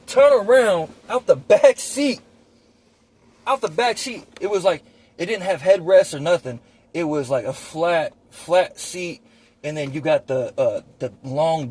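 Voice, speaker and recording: A young man telling a personal story casually, animated and slangy with plenty of swearing, acting out gunshots with mouth sounds. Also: a little high, husky. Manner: profane, slangy; winds down quiet and reflective at the end.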